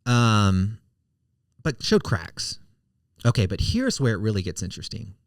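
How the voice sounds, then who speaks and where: A man's voice: on the low side, very animated, measured pace, no echo, clean studio sound. A middle-aged man, casually explaining finance as a podcast host in a folksy, conversational way. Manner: conversational, self-correcting, folksy.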